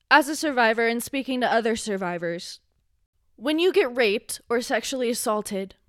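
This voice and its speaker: A young woman on a solo podcast talks with raw passion, swears freely, and rises to yelling when angry. Her voice is a little high and she takes her time over every phrase. The recording is close and dry, with no room sound.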